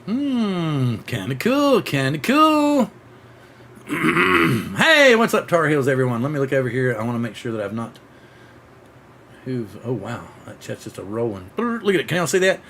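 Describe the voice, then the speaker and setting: Gravelly-voiced excitable male host. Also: mid-range voice, normal speed, a little hiss or hum. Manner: excitable, acts out sound effects, rambling restarts. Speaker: drone show host. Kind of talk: casual live-stream chat.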